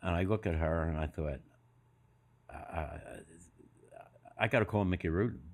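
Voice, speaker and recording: An older man from Philadelphia, appearing as a podcast guest, tells stories casually in a low-pitched voice at a moderate pace. He acts out the voices of the people he quotes and fills his talk with fillers and restarts.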